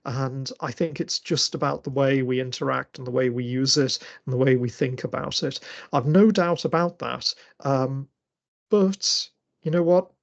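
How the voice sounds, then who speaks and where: Speaking in a creaky, mid-range voice, a lecturer delivers an online masterclass and answers questions over a video call. He thinks out loud, full of filler words and restarts.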